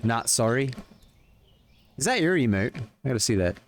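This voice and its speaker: This male livestreamer has a sing-song, medium-pitched voice and talks at normal speed. While gaming, he casually chats with his audience and shouts in-game orders between questions to chat.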